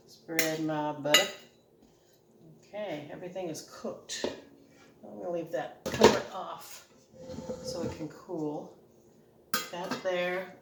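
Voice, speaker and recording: A woman's voice: sits low, very noisy. A middle-aged woman with a regional American accent, chatting casually and laughing now and then as she cooks at home. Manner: chatty, homey, laughs often while talking. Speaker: home cooking channel host. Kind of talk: casual cooking demonstration. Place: home kitchen. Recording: echoey kitchen, mic at a distance. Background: clatter of dishes and cutlery.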